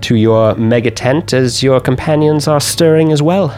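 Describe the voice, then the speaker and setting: A man's voice: mid-range voice, moderate pace, darkish tone, faint music behind. A man running a tabletop game, narrating scenes and bantering casually with players. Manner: laid-back, slangy banter with narration. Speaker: game master.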